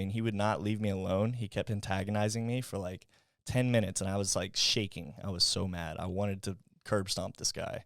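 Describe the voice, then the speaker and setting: A young man with a lowish voice chats casually as a podcast co-host and swears freely as he tells a story. The sound is dry and close. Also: level tone, fairly quick, gravelly, few pauses, a bit bright, dry recording. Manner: swearing, storytelling, laughs often. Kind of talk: casual chat.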